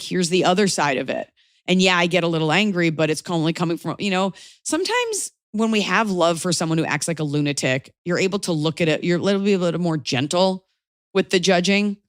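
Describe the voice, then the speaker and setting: Blunt woman podcast host, thirties, lowish voice, dry close mic. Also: dry recording. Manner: animated, blunt, acts out quoted voices. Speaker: podcast host giving advice. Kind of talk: casual advice chat.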